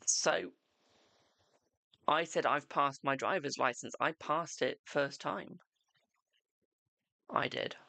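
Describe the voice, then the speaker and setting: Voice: mid-range voice, slow, vocal fry, pauses often, sharp tone, no echo. A host giving live-streamed tarot readings in a chatty, reassuring way, calling viewers darling.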